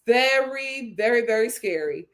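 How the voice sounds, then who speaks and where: A woman hosting a casual livestream, reading viewer comments aloud, laughing often and bursting into loud outbursts. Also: a little high, expressive, a little slow. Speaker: livestream host reading super chats.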